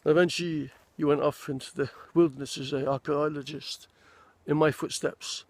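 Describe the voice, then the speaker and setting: A man's voice: a little high, fairly even intonation, normal speed, no echo, voice pushed up. A man putting on an old, fatherly film father with a slight lisp. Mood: teasing.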